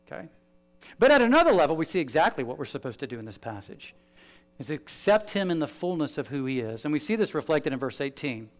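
A man preaching a sermon with a slightly raised pitch. He talks in an animated way, pushing some lines out loud and dropping others to a near hush. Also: fast. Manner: animated, swings from loud emphasis to hushed asides. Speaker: pastor.

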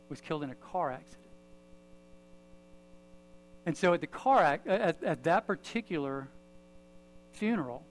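Pastor preaching a sermon. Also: male voice, on the high side, slight background noise, rough recording. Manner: storytelling with pauses, then prayer. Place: church.

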